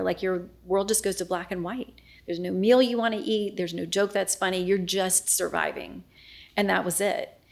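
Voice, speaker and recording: Low, gravelly middle-aged woman telling her story. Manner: earnest, frank, quoting herself and others in dialogue. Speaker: interview guest. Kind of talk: candid personal storytelling in an interview.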